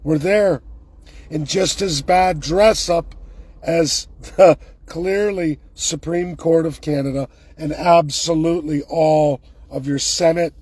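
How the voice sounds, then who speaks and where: A man's voice: on the high side, steady tone, slow pace, a little mellow, slightly rough, no echo. A man delivering a heated, emphatic and sarcastic political rant, speaking straight to his viewers. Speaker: political commentator.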